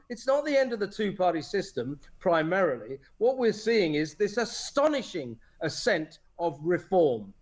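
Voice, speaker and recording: An indignant man rants as a talk radio commentator. His voice sits a bit high for a man. It leaps up and down with lively swings. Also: normal speed, few pauses. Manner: indignant, ranting. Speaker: regular guest commentator. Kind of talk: opinionated talk radio rant.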